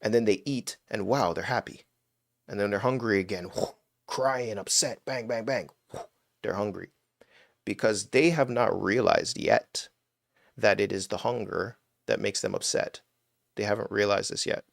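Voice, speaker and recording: Gravelly low-voiced man teaching on stream. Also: a little slow, dry recording, clean studio sound. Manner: informal and blunt, swears, many "right?" tags. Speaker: host of a spirituality and money live stream. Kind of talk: casual live-stream teaching.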